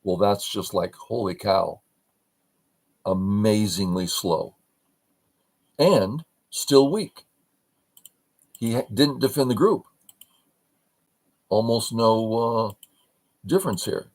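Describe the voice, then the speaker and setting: Slow low-voiced older man teaching. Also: expressive, a little mellow, rough recording. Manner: talks in short broken phrases, asks and answers his own questions. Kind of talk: livestream game review lesson.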